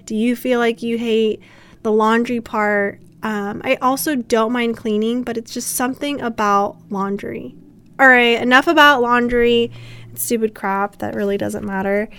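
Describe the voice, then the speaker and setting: A woman's voice: on the high side, fairly even intonation, measured pace, a bit bright, clear, resonant tone. A young woman hosting a casual podcast, chatty and bubbly, laughing often as she talks. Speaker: podcast host.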